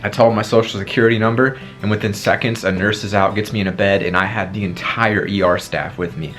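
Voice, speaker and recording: Young man with a low voice telling a story. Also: fast, soft background music. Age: 20s. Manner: animated storytelling, acting out his own past lines. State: sore throat after tonsil surgery. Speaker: vlogger. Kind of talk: storytime vlog.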